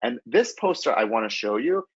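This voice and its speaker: A middle-aged man talks teachers through a webinar with a lively, swooping delivery and a lowish, husky voice. He slips into a higher voice to act out children's self-talk. The sound is dull, dry and lo-fi, as from a computer mic on a video call. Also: fairly quick, dry recording. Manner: animated, acts out children's self-talk in a high voice. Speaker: teacher trainer presenting a webinar.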